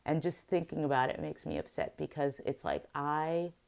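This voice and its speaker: Middle-aged lady vlogging, deep and kinda gravelly, upset, talking it through with lots of restarts. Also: fairly even intonation, normal speed, a little mellow. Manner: emotional, venting, with many restarts. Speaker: vlogger and therapist. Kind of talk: casual confessional vlog.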